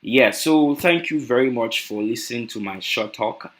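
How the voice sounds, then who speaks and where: A man's voice: mid-range voice, normal speed, fairly bright tone. Nigerian-accented male tech speaker, hesitant, filler-heavy delivery. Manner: hesitant, many fillers and restarts. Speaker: conference speaker. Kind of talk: conference talk.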